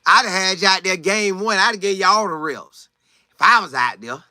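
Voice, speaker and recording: A man hosting a live sports talk stream, reading out viewers' comments and answering them with animated, repetitive emphasis. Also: high-pitched, normal speed, dry recording, clean studio sound. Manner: repeats phrases for emphasis, acts out quotes. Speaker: sports talk show host.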